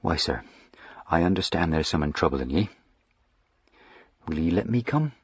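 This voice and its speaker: A man doing a loyal rustic manservant, very low and soft. The voice is husky and murmuring, with steady quiet devotion. It is a storybook character in a dry, muffled recording. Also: moderate pace, dry recording. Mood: quiet, earnest. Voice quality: soft-spoken, rustic dialect. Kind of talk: audiobook character voicing.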